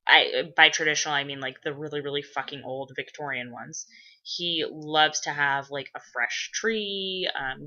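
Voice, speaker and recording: A woman vlogger rambles through viewer questions in a casual, profane way, with her speech full of fillers and sudden loud gushing. Her voice sits a little low but sounds bright and forceful. The recording is dull and lo-fi. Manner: bursts into loud excited gushing. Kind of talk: casual chat.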